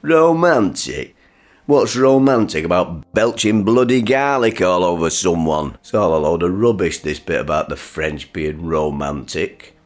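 A man playing a gruff, very deep-voiced dad. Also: normal speed, hardly any pauses, close to an everyday voice. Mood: ranting. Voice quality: gruff, sarcastic, swears freely. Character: grumpy, crude, blustering working-class father. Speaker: father. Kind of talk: broadcast drama acting.

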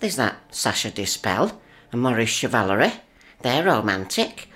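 A woman's voice: extremely low pitch, very animated, normal speed, a bit bright, slightly rough, heavily acted. A woman playing a prim, scolding but affectionate housewife in a radio play. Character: fussy motherly working-class housewife.

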